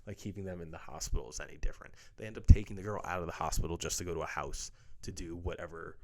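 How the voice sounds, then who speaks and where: Male movie reviewer, low voice, casual and profane, loose and filler-heavy. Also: steady tone, very fast, gravelly, warm tone. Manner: blunt, profane, full of fillers. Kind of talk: casual ranting film review.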